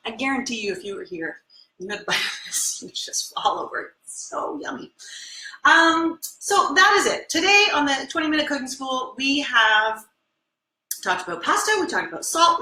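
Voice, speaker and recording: A woman hosting a live cooking lesson in her home kitchen, chatty and excitable as she demonstrates and tastes. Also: sits high, roomy sound, poor audio. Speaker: cooking show host.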